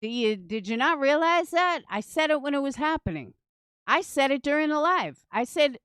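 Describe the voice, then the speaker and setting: A woman's voice: high voice, sing-song, normal speed, fairly bright tone, dry recording. Sarcastic woman swearing through commentary. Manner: sarcastic, boastful, heavy swearing. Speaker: commentary channel host. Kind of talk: profane commentary on clips.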